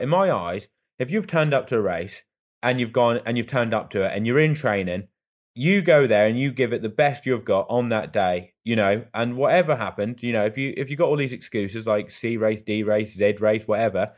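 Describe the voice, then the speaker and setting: A man's voice: mid-range voice, expressive, fairly quick. A man co-hosting a podcast, telling stories animatedly and giving blunt opinions in casual chat. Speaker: podcast co-host.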